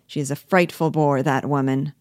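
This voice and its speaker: A woman reading the part of a fussy, patronizing husband in a low, dry voice, lecturing and pleased with himself. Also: steady tone, moderate pace, a little mellow, no echo, lightly acted. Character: self-satisfied husband, a man, fussy and patronizing. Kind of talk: reading a play aloud.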